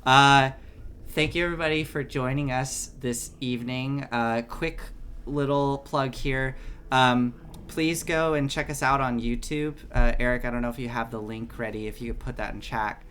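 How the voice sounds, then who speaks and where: A man running a tabletop game stream as game master, relaxed and full of fillers. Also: medium pitch, moderate pace, slight background noise.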